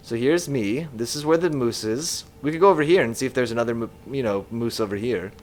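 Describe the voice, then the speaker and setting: A man's voice: medium pitch, a little fast, darkish tone. A man casually musing aloud while streaming a game live and reading chat comments.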